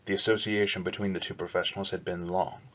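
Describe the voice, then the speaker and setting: A man reads a novel aloud in a steady, measured way. His voice is deep and low. The recording has a dull, lo-fi sound. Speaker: narrator. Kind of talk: audiobook narration.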